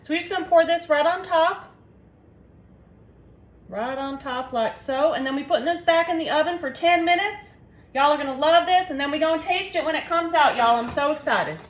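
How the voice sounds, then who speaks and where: A woman's voice: sits high, moderate pace, a little hiss or hum. Chatty woman cooking in an echoey kitchen. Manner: chatty, folksy, talks straight to viewers. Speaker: home cooking channel host. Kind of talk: casual cooking demo chat. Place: home kitchen. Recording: echoey kitchen with faint ambience.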